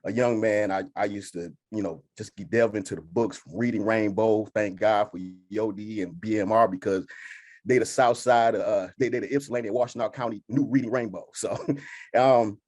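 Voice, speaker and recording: A man co-owning a bookstore, speaking on a panel in a folksy, halting way, often laughing. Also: on the low side, fairly even intonation, darkish tone. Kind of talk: casual panel talk.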